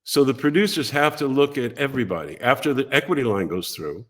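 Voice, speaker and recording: An older man tells a long story as a talk show guest, his pitch rising and falling a great deal. He slips into the voices of the people he quotes, keeping the telling animated and theatrical. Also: a little fast. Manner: lively, acts out voices and quotes in his stories.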